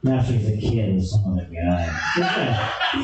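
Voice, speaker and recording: A young man spins a crude, animated comedy tale and now and then bursts into shouts. His voice sits at an ordinary pitch. It rings through a very echoey room, picked up from some distance off the mic. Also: slow, over loud music. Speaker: storyteller. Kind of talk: storytelling comedy.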